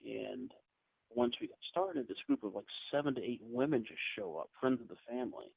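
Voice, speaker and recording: A man telling rambling ghost-hunting anecdotes as a podcast guest, with quick asides. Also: medium pitch, wildly swooping pitch, vocal fry, slightly rough. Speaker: podcast guest, paranormal investigator. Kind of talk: casual storytelling interview. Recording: tinny phone-like line.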